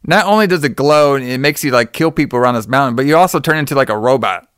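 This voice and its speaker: A man's voice: medium pitch, fast, clear, resonant tone, no room sound, clean studio sound. A man casually recapping a movie plot as a podcast co-host, swearing freely and acting out the characters' lines. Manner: profane, animated storytelling with quoted voices.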